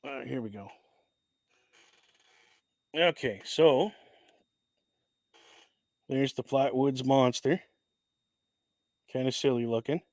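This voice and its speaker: A man's voice: medium pitch, slow pace, long pauses, darkish tone, no echo. A man hosting a casual livestream, chatting as he unboxes, rambling, correcting himself and swearing casually into a desk microphone. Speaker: livestream host.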